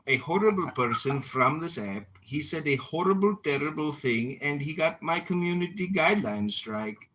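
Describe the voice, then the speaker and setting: A man's voice: mid-range voice, pushed and bright, a little hiss or hum, close to an everyday voice, low-quality recording. A man doing a put-on Indian accent as an indignant male app user complaining about hate speech in an exaggerated, over-formal way. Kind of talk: comic accent impression in a live chat room.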